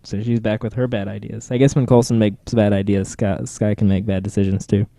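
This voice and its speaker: A man's voice: on the low side, little pitch movement, brisk, vocal fry, warm tone, no room sound. A man co-hosting a podcast, chatting casually about TV episodes with joking, sarcastic asides. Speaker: podcast co-host. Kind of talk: casual TV recap chat.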